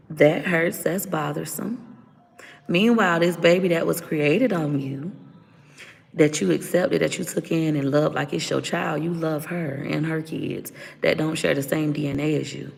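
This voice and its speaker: Gravelly, blunt woman vlogger. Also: deep voice, long reverb tail. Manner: blunt, profane and unfiltered. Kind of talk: candid personal storytelling.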